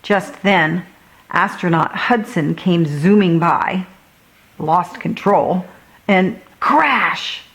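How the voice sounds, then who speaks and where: A woman reading a picture book to children, unhurried and gentle. Each line comes slowly and clearly, in a calm storytime voice. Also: on the low side, low-quality recording. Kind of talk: storybook read-aloud.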